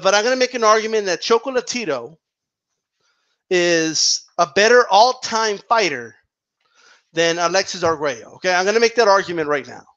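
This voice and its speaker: High, bright-voiced man ranting. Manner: heated, profane, repeats himself for emphasis. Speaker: boxing commentator. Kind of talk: casual ranting monologue.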